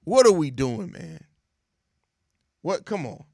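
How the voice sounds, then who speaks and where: A man's voice: fairly high pitch, big pitch swings, takes it slowly, gravelly, darkish tone, dry recording, clean studio sound. A young man hosting a sports show, ranting in exasperated, profane casual commentary and repeating himself. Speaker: sports podcast host.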